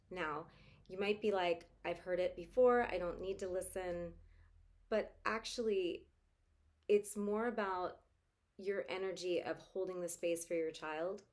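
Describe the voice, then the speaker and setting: A woman coaching parents in a soothing, reassuring way, her voice sitting a little low for a woman. She talks them through calm words to say to a worried child, gentle and patient throughout. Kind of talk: coaching talk to parents with modeled scripts.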